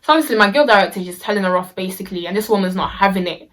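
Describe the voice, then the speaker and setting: A woman's voice: medium pitch, racing. A young woman telling a personal story in a casual vlog, chatty and slangy, with many fillers and restarts.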